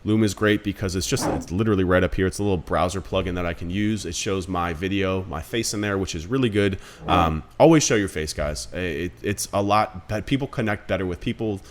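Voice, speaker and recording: A man in his thirties gives a blunt, conversational screen-recorded marketing tutorial, addressing viewers as guys. He speaks in a low voice, fairly quickly, with few pauses.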